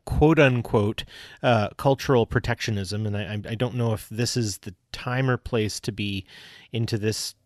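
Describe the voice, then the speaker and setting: Chatty animated man co-hosting a podcast. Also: on the low side, normal speed, no room sound, clean studio sound. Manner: animated, chatty, many fillers and restarts. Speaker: podcast co-host. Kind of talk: casual chat.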